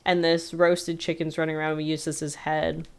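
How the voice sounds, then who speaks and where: A woman co-host talks through a cartoon plot in easy, meandering casual chat. Her voice sits a little low and sounds smooth and clean. She leans on fillers and keeps circling back. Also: flat delivery, moderate pace. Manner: rambling, filler-heavy retelling with frequent "like". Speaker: podcast co-host.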